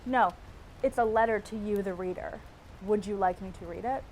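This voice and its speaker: A woman's voice: mid-range voice, moderate pace, a little mellow, a little hiss or hum, poor audio. A woman hosting a livestream, chatting casually in a wry, self-mocking way. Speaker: host.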